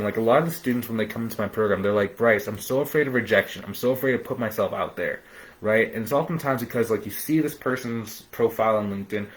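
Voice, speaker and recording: A young adult man giving a casual, energetic coaching talk on a livestream, often acting out clients in quick voices. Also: medium pitch, rough recording. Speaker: business coach hosting a live training. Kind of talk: live-streamed coaching talk.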